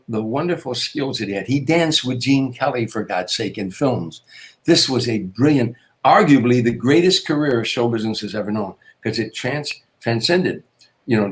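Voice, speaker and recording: A man's voice: mid-range voice, moderate pace. Older guy comic telling stories, lots of restarts and repeats. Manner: lively anecdotal storyteller with repetitions and restarts. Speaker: guest comedian. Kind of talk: storytelling interview.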